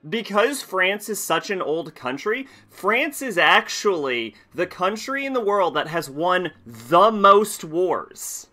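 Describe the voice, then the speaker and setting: A man's voice: high-pitched, very animated, slow pace, few pauses, pushed and bright. A man casually commenting on a video game stream, chatting with viewers and laughing often.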